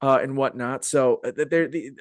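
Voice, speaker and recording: A man hosting a podcast in casual, animated chat, full of fillers and restarts, over a video call. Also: medium pitch, normal speed, no echo. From Phoenix, Arizona area. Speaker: podcast host. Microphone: video call podcast mic.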